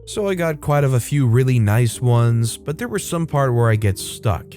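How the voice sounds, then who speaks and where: A man's voice: mid-range voice, lively intonation, normal speed. A man narrating stories and commenting on them in a plain, matter-of-fact way. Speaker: story narrator. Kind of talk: reading stories aloud. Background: soft music.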